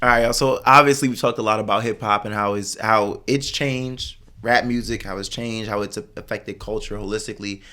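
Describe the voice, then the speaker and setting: Bright-voiced man hosting a casual podcast. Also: on the low side, normal speed, few pauses, soft background music. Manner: loose, filler-heavy storytelling with many "like"s; animated when telling anecdotes. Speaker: podcast host.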